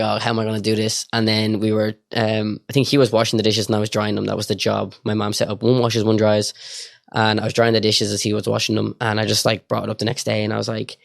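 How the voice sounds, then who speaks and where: A young Irish man tells stories in a rush, packing his talk with "like" and acted-out lines of dialogue. His voice sits low and has a gravelly edge. The sound is dry and close, with no room behind it. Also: little pitch movement, dry recording. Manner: rapid, filler-heavy storytelling full of quoted dialogue. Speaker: guest. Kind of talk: casual storytelling.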